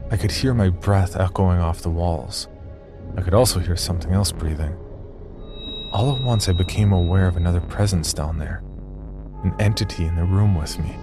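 A man narrating a first-person horror story in a wry, deadpan way. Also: sits low, normal speed, music in the background.

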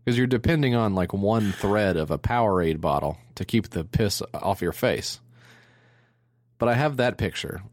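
A man co-hosting a comedy podcast, telling crude stories in a rambling, deadpan way. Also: lowish voice, moderate pace, no echo, studio quality. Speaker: podcast co-host. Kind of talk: casual comedy chat.

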